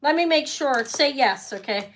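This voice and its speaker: A woman's voice: high voice, animated, moderate pace. A middle-aged woman selling jewelry on a live stream, chatting casually and rambling with muttered asides. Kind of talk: casual live sales chat.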